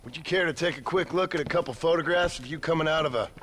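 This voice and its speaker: An actor playing a tough, dry-witted cowboy gunslinger who speaks bluntly in a video game. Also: male voice, on the high side, quick pace, a bit bright, slight background noise, lightly acted, poor audio.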